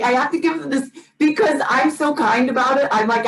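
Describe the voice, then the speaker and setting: A woman co-hosting a casual chat show, relaxed, reading out listener comments. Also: a little high, a little fast, few pauses, low-quality recording. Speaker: podcast co-host.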